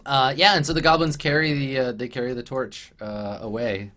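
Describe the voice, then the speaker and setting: A man's voice: mid-range voice, steady tone, normal speed, sharp tone. A man narrating as game master of a tabletop game, rambling with many fillers. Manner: rambling, full of fillers and laughs.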